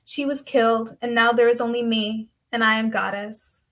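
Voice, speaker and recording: A woman's voice: a little high, steady tone, moderate pace, a bit bright. A woman performing her own spoken-word poems in a poetry competition, with an intense, dramatic recitation. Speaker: poet competitor.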